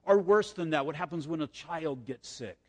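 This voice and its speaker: A man's voice: on the high side, normal speed, a little mellow. Older male pastor, echoey sanctuary. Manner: earnest, conversational preaching with personal stories. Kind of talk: sermon. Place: church sanctuary. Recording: echoey church hall reverb.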